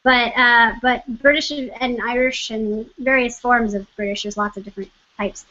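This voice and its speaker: Bubbly, giggly woman, high bright voice, chatty guest on a slightly muffled live stream. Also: fairly even intonation, normal speed. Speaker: guest, actress and voice actor. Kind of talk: casual interview chat.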